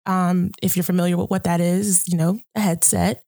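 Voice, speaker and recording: A woman's voice: fairly low pitch, flat delivery, moderate pace, creaky, dark tone, no echo, studio quality. A woman hosting a podcast, talking earnestly and reflectively about faith and often breaking into laughter. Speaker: podcast host. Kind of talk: casual conversation about faith.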